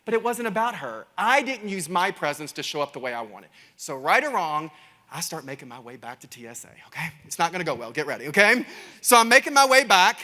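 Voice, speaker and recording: A man with a Kentucky Southern accent giving an animated keynote talk, telling stories to a crowd and calling them y'all. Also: a little high, a little fast. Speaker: keynote speaker. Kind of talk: energetic keynote storytelling. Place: large conference stage. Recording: reverberant conference hall.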